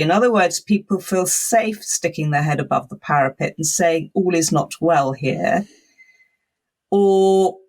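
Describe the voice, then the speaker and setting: Woman guest explaining conflict thoughtfully. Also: on the low side. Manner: thoughtful, explanatory, often laughing. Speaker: podcast guest, communication expert. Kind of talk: conversational podcast interview.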